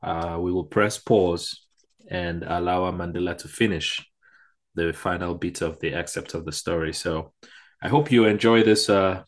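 Low-voiced man hosting a podcast. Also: fairly even intonation, a little slow. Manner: hesitant, many fillers. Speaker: podcast host. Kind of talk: casual podcast intro.

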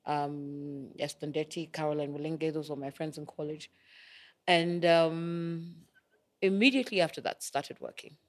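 A woman's voice: low voice, steady tone, unhurried. Middle-aged woman from Kenya, interview guest, chatty, acts out quotes, laughs easily. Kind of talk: casual interview storytelling.

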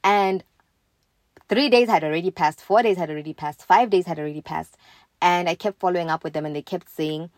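Woman vlogger, lower register, lively storyteller who quotes people in her own voice; dry, close mic. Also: brisk, dry recording. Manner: animated, quoting others in her own voice. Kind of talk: casual storytelling to camera.

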